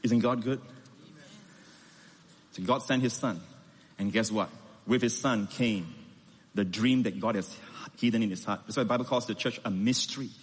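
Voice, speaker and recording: A man's voice: lowish voice, normal speed, pauses often, big-room sound. A male pastor preaching a sermon, emphatic, leaning hard on stressed words and swinging his voice up and down.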